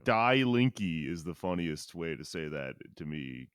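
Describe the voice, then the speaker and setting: A man's voice: low-pitched, very animated, a little slow, fairly bright tone, clear, resonant tone, dry recording, clean studio sound. A man co-hosting a podcast, talking in a rambling, jokey and profane way. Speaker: podcast co-host. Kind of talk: casual chat.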